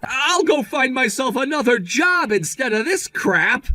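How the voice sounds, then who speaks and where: Frantic, cornered husband in a storybook drama, a man reading; slow, drawn-out lines, dry close sound. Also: very high voice, sing-song, bright, forceful tone, no echo, exaggerated voice. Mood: defiant. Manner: stammering, frantic outbursts. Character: panicking cheating husband, desperate and defensive.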